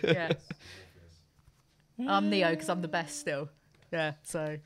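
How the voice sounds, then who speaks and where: A woman's voice: deep voice, steady tone, slow pace, a little hiss or hum. A woman hosting a podcast in brash, joking chat, swearing freely as she banters. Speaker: podcast host.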